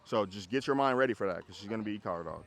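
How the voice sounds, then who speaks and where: A man with a lowish, rapid-fire voice works as a dog trainer, coaching casually outdoors during a walk. He gets animated, acting out small scenes and repeating himself a lot.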